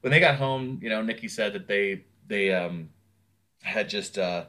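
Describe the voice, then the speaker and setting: A man's voice: on the low side, a little slow. A man telling a long personal story in casual conversation, swearing freely and acting out what other people said. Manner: animated, acts out other people's words.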